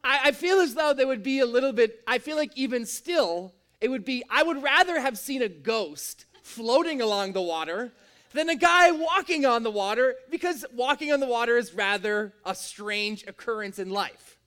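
Delivering a sermon to a roomful of listeners, this young man sounds animated, smooth and a little bright, moving at a normal speed. His style is conversational, and when he acts out quotes his pitch jumps sharply.

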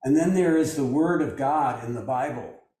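A man's voice: medium pitch, normal speed, mellow. An older man leading a meditation group over a video call, talking in a loose, musing way with many fillers. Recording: very echoey room, distant mic.

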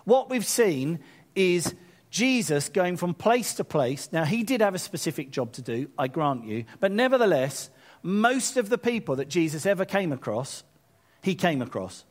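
A man preaching a sermon, retelling scripture in a lively paraphrase with casual asides. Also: sits high, moderate pace. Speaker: pastor.

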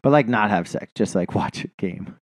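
A man's voice: lowish voice, moderate pace, no echo. A man co-hosting a podcast, telling a long, rambling story in casual chat, swearing and laughing often. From New Jersey. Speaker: podcast co-host.

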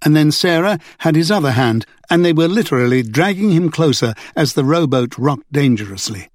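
Male narrator, audiobook reading, measured, slightly high voice, dry close sound. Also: lively intonation, dry recording. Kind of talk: scripted narration.

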